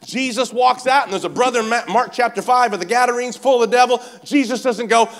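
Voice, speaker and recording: Fervent high-voiced male preacher. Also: quick pace, hardly any pauses. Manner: fervent, repeatedly urges the congregation with "come on"; swings between shouting and quiet speech. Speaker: pastor. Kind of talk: sermon. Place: church service.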